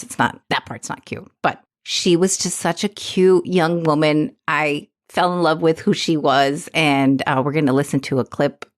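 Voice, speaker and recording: A woman co-hosting a podcast in casual chat, animated and quick to laugh. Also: sits low. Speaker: podcast co-host.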